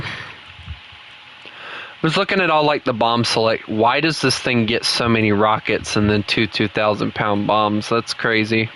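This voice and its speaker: A man's voice: fairly low pitch, fairly even intonation, moderate pace, a bit bright, slight background noise. A young man with a Southern US accent giving casual, jokey commentary while playing a game, saying "bro" a lot. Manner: laid-back, jokey, says bro a lot. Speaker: gaming streamer.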